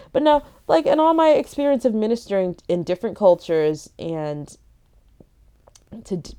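A woman's voice: lowish voice, dark tone. A young woman telling rambling mission stories in a casual monologue, full of asides and laughter.

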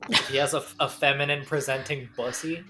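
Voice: medium pitch, fairly even intonation, fairly quick, bright, forceful tone, soft background music. Podcast co-host, casual chat, crude jokes, playful banter.

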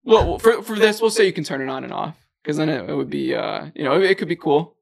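A man's voice: on the high side, fast talker, creaky, low-quality recording. A young man co-hosting a casual podcast chat, laughing often and restarting his words. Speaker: podcast co-host.

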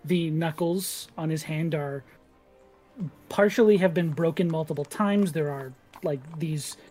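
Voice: medium pitch, a little slow, warm tone, soft background music. A game master narrating a tabletop game in a casual, descriptive way with frequent fillers.

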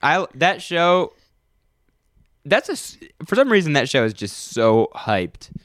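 Young male podcast co-host, loose banter, quick to do goofy voices, dry close sound. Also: big pitch swings, no room sound. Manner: jumps into loud high-pitched mock voices. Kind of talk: casual chat. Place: studio.

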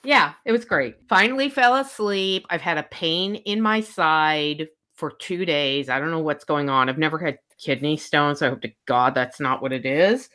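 A middle-aged woman with a low but bright, forceful voice chats casually as a podcast co-host. She tells animated, profane stories and swings up into shrieks when she relives a fright. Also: moderate pace, hardly any pauses. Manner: animated storyteller, swearing, shrieking when retelling scares. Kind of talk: casual chat.

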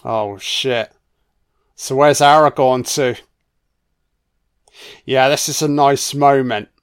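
Excitable, foul-mouthed man yelling at the screen, unhurried, smooth clear tone. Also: mid-range voice. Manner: excitable, swears a lot, talks to the screen. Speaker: film commentator. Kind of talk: casual film commentary. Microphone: home microphone, audio only.

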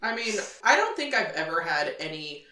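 A woman's voice: lowish voice, sing-song, normal speed, sharp tone, far from the mic, slight background noise. A woman co-hosting a podcast, giving her opinions in casual, chatty talk. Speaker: podcast co-host. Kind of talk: casual chat. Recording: echoey room, off-mic.

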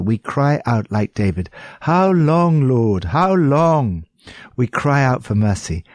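A man's voice: medium pitch, darkish tone, no room sound, clean studio sound. A man with an English accent giving earnest, pastoral devotional commentary on scripture.

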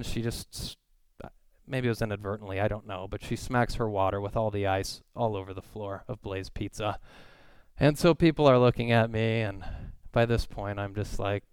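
A man's voice: on the low side, moderate pace, a little mellow, clean tone, no room sound. A man in his thirties preaching a sermon, telling a family story in a casual, self-deprecating way. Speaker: pastor.

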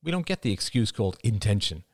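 Man reading a blunt tense father, matter-of-fact, lively inflection, dry close sound, audiobook. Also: on the low side, fast talker, no echo, voice pushed up. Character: tense pragmatic father on the run.

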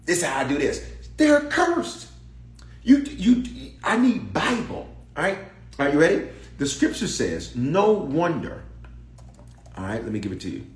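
Man, pastor, sermon, animated pitch, repeats phrases, calls to the crowd, roomy church sound. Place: large church sanctuary. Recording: echoey church sanctuary.

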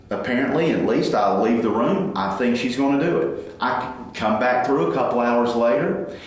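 A man in his forties giving a faith-based parenting talk, animated and acting out family dialogues. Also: mid-range voice. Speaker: parenting speaker. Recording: very echoey room.

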